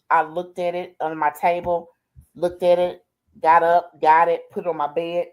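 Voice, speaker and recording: An older woman, a grandmother appearing as a guest in a streamed interview, tells her life story in a heartfelt, colloquial way, often repeating "I said" and "she said." Her voice is on the low side, with a flat delivery at normal speed.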